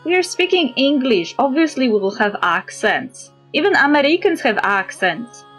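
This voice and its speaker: A woman's voice: sits high, very animated, normal speed, fairly bright tone, faint music behind. A woman streamer, chatting casually while playing and answering chat. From Poland. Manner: musing to herself, answering chat.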